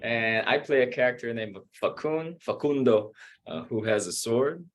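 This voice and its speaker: A man's voice: mid-range voice, animated, normal speed, slight background noise. A man from the Philippines, introducing himself as an improv player over a video call in a playful, friendly way. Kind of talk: casual self-introduction.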